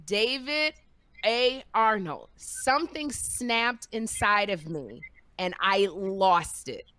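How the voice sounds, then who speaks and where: A middle-aged woman hosting a podcast, telling stories in a lively, animated way and acting out what people said. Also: medium pitch, slow pace, dry recording. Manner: animated storyteller, acts out quotes. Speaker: podcast host. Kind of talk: casual chat, storytelling.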